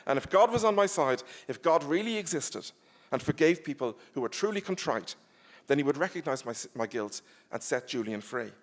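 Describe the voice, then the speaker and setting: A man, an author, giving an expressive live reading of his own novel. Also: a little high, fairly quick. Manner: expressive, animated storytelling.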